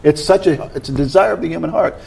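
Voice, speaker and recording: Man, husky voice, earnest guest teacher. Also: on the high side, quick pace, a little mellow. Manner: earnest, explanatory, asks questions to check. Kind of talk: teaching in a conversation.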